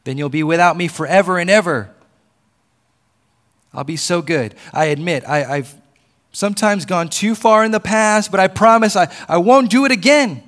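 Man doing a shrill pleading little lizard. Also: moderate pace, big-room sound. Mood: frantic pleading. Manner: frantic, begging, loud and high. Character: wheedling pleading lizard creature, male, small.

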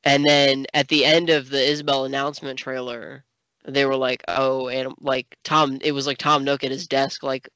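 A man co-hosting a podcast in casual chat, animated and peppered with "like", swearing when outraged. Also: medium pitch, normal speed, clean tone, dry recording, lo-fi sound. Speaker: podcast co-host.

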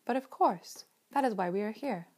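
A woman reading a story aloud, voicing a possessed little boy who speaks in a flat, emotionless, mocking way. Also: on the high side, moderate pace. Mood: cold flat.

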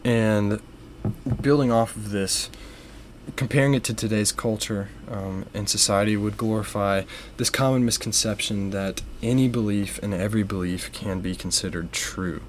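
A young man co-hosting a faith podcast, explaining ideas in a measured way with frequent fillers. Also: lowish voice, steady tone, slight background noise. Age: young adult. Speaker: podcast co-host. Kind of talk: casual faith discussion.

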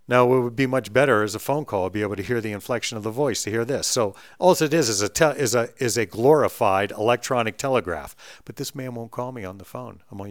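Man, middle-aged, blunt profane rant, loud then muttering, dry close sound. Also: a little fast, few pauses, no echo. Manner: blunt and profane, swings between loud outbursts and low mutters. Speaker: vlogger ranting on camera. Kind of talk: heated monologue rant.

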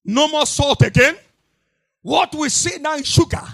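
Speaking in tongues at moments, a middle-aged preacher delivers a fiery, repetitive sermon whose sing-song rhythm rises from near whispers to shouts. He has a very high, creaky voice and keeps a measured pace.

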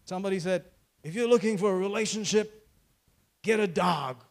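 A high-pitched male pastor delivers a sermon. He is in his fifties and talks in repeated phrases, pausing for the listeners to answer amen. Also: creaky. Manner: preacherly, repeats phrases, calls for amens.

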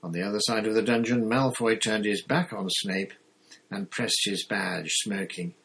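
A man reading a novel aloud in a steady narrating manner, with occasional slips and restarts. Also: on the low side, moderate pace, gravelly, slightly rough, rough recording. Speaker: audiobook reader. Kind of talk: storybook narration.

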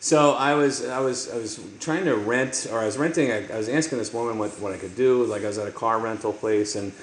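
A man hosting a podcast, talking in casual chat with lots of stops and restarts. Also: medium pitch. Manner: halting, many restarts, laughs a lot. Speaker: podcast host. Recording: echoey room with faint noise.

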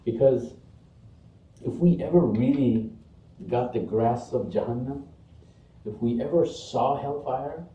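A man's voice: mid-range voice, warm tone, slight background noise. A man delivering a Friday sermon in a mosque, speaking earnestly in rhythmic, building lists. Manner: earnest, rhythmic listing with rising emphasis. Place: mosque prayer hall. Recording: echoey hall, distant muffled mic.

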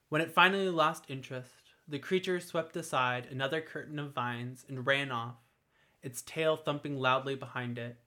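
A man reading a fantasy story aloud in a steady, measured storytelling manner. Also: mid-range voice. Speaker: narrator. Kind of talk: scripted fantasy narration.

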